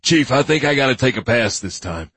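A man's voice: medium pitch, animated, a little fast, a bit bright, husky, dry recording, voice pushed up. A man narrating an audiobook voices a worn-down veteran police detective. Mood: weary. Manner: weary, strained. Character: burned-out veteran male cop, worn down.

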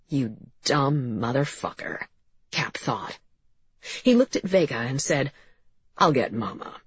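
Slow, husky female audiobook narrator. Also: low-pitched, no echo. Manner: unhurried, measured reading. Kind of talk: scripted narration. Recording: slightly muffled recording.

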